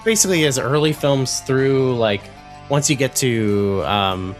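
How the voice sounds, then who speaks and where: A man's voice: mid-range voice, unhurried, soft background music. A man co-hosting a podcast in casual chat, rambling with lots of fillers. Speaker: podcast co-host.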